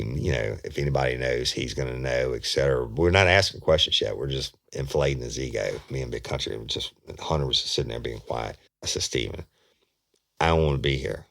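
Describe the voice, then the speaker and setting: Gravelly deep-voiced male storyteller. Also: fairly bright tone. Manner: rambling, profane, folksy. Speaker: podcast host, former detective. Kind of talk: casual storytelling.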